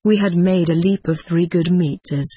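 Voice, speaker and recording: Audiobook narrator, first-person reading, breathy voice, dry close sound. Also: mid-range voice, moderate pace, warm tone, no room sound.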